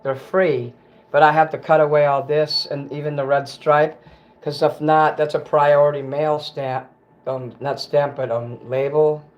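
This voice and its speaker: A man's voice: on the high side, level tone, measured pace, highs cut off. A man on a casual livestream, ranting bitterly and cursing, often stopping to correct himself. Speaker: livestream host.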